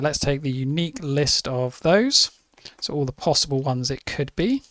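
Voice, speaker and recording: A man's voice: medium pitch, no echo. A man walking through a spreadsheet puzzle in a screen-recorded tutorial, explaining each step methodically with frequent ums. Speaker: spreadsheet competition presenter.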